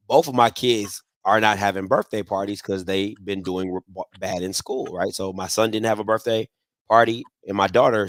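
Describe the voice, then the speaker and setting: A man co-hosting a casual podcast chat, a lively anecdote teller who mimics the voices of the people in his stories. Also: lowish voice, no room sound, clean studio sound. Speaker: co-host.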